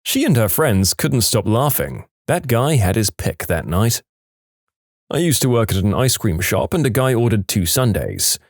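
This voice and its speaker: A man narrating funny reddit stories in an expressive, storytelling way. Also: fairly low pitch, moderate pace, dry recording, studio quality.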